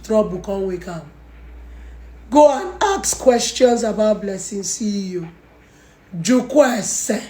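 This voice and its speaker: A woman's voice: mid-range voice, warm tone. Scolding Nigerian woman in echoey room. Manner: mocking, scolding, Pidgin-heavy. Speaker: social media personality. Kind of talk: confrontational call-out video.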